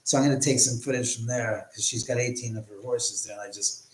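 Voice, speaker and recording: A man's voice: mid-range voice, fairly even intonation, a little fast, echoey room, poor audio. A man hosting a casual livestream from his home, rambling and swearing as he chats with viewers. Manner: rambling, profane, chatty with viewers. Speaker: livestream host.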